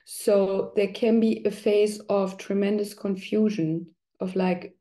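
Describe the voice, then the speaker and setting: A woman's voice: mid-range voice, fairly even intonation, slow, few pauses, dark tone. A middle-aged woman talking conversationally, now and then acting out quoted voices. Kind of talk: explanatory talk.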